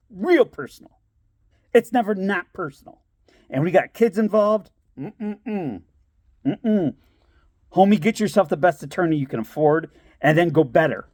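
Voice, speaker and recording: A man's voice: on the high side, a little mellow, dry recording, studio quality. A man vlogging in a casual storytelling monologue, giving blunt, streetwise advice and laughing often as he talks. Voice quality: laughs often while talking.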